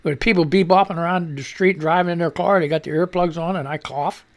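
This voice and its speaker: Brisk and steady in tone, a male radio host reads headlines before tearing into them with swearing. He keeps coughing and clearing his throat, and his voice goes up as he gets worked up.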